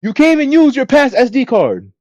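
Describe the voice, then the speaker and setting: A man's voice: extremely high pitch, big pitch swings, a little fast, a little mellow, dry recording, dull audio. A man in casual video commentary, complaining bluntly and swearing.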